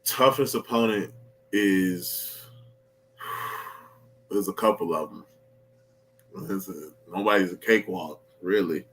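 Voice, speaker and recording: A man's voice: sits low, slow, pauses often, a bit bright, a little hiss or hum. A man guesting on a wrestling podcast, chatting casually with laid-back slang and acting out his own lines.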